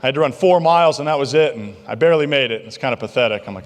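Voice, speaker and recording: A male keynote speaker telling stories in an animated, jokey way to a banquet crowd. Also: mid-range voice, rapid-fire. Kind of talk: motivational keynote storytelling. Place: large banquet hall. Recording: long reverb of a large hall.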